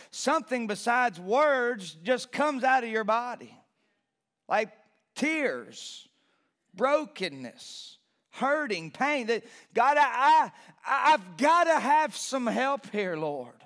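A man's voice: extremely high pitch, fairly bright tone. A male pastor preaching a passionate sermon in a church, repeating key phrases and building emphasis. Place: church sanctuary.

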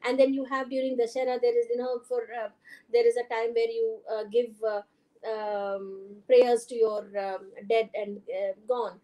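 A woman doctor with an Indian English accent gives a lecture at a conference, talking in a loose, conversational way and dotting her speech with fillers. Her voice sits a little high. It has a mellow, soft tone. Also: flat delivery, normal speed. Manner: conversational, frequent fillers, mixes Hindi phrases. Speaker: doctor giving a conference talk. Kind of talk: lecture presentation. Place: conference hall.

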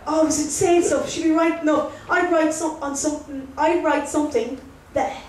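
A young Irish woman with a high voice runs through a chatty, self-mocking stand-up set and banters with the audience. She is picked up from a distance in a roomy club, so her voice carries a live echo. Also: fairly even intonation, normal speed, crowd noise. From Ireland. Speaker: stand-up comedian. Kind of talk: stand-up routine. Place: comedy club stage.

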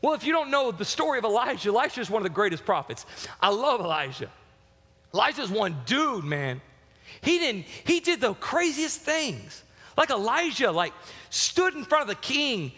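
Pastor guy preaching, super high bright voice, punchy repeated lines, long echo in the church. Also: sing-song, moderate pace. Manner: emphatic, repetitive, colloquial preaching. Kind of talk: sermon. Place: church sanctuary. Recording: long church hall reverb.

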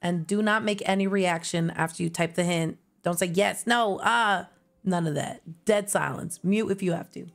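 A young woman streaming, chatting casually and playfully while running a party game with friends, loud and excitable. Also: on the low side, moderate pace, gravelly.

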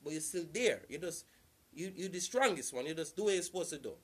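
A man's voice: on the high side, animated, fast, fairly bright tone, slightly rough. A man giving casual relationship advice to the camera, earnest and repetitive, circling back to the same points.

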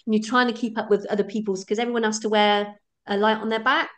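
A woman's voice: medium pitch, fairly even intonation, quick pace, fairly bright tone. A middle-aged woman, a runner guest telling her stories in a chatty, laughing way. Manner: chatty, laughs often, acts out her own thoughts. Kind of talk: casual storytelling interview.

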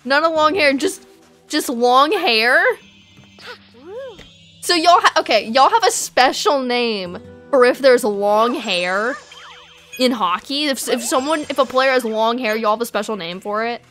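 A woman's voice: a little high, a little slow, faint music behind. A woman live-streaming a game, chatting casually with her viewers and laughing often. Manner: giggly, animated, reads and answers chat. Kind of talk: casual live-stream chat while gaming.

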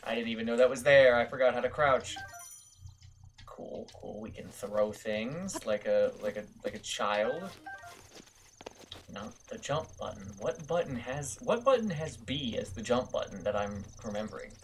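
A young man talks through a game in a casual, self-mocking way, swearing freely as he goes. His voice sits at an ordinary middle pitch for a man. Faint music plays behind him. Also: expressive, moderate pace. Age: young adult. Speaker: gaming video host. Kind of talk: gameplay commentary.

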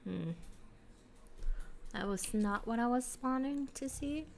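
A woman's voice: fairly high pitch, takes it slowly, vocal fry, darkish tone, a little hiss or hum. A woman streaming a video game, chatting and giggling to herself and her viewers at a desk mic. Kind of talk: casual live-stream chat while playing.

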